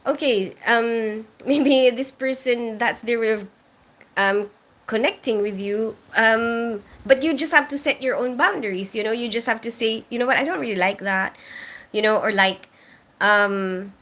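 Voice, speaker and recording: A woman's voice: a little high, unhurried, a bit bright. A young woman who grew up in the Philippines, hosting a casual live stream and reading viewers' comments aloud, chatty and full of fillers. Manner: reads viewer comments aloud and answers them.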